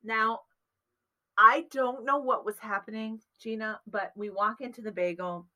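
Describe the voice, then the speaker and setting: A woman's voice: fairly high pitch, measured pace, poor audio. A woman in casual chat, animatedly telling a long personal story and acting out the voices of the people in it. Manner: animated, acts out quoted voices, laughs through lines.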